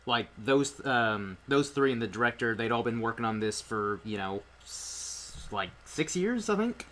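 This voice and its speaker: A man's voice: medium pitch, lively intonation, a little slow, fairly bright tone. A man from Ireland hosting a casual movie review chat, telling stories in a rambling way with lots of fillers. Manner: rambling, filler-heavy storytelling.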